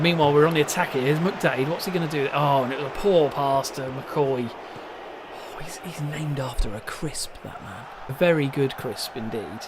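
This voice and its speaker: A man chatting casually at home while playing a football management game, rambling and bursting into excited shouts when chances come. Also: a little high, noisy background. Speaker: let's play host. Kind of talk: casual gameplay commentary. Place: at home at a desk.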